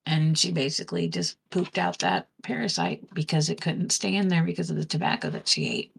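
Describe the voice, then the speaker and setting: Woman, lowish voice, casual rambling storyteller who plays out the dialogue. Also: fairly quick, gravelly, slightly rough. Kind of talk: casual conversation.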